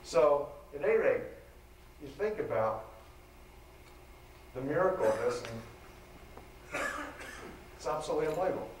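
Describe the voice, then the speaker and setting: A man lecturing with animated, dramatic storytelling in a fairly high voice. He is heard from a distant mic in a roomy hall. Faint noise sits behind him. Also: moderate pace, pauses often.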